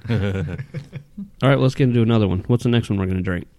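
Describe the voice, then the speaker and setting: Low-voiced man hosting a chat. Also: quick pace, dark tone, no room sound. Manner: chatty, laughs often. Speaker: podcast host. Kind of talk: casual beer-tasting chat.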